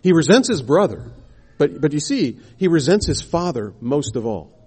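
A man's voice: on the high side, sing-song, normal speed, darkish tone, breathy edge. A man preaching a sermon, explaining scripture and posing rhetorical questions to the congregation.

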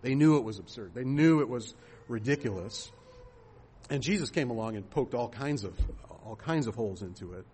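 A man delivers a sermon with a slightly husky voice, mid-pitched and unhurried. He preaches conversationally, tossing out rhetorical questions and the odd filler as he goes. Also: animated, darkish tone. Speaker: pastor.

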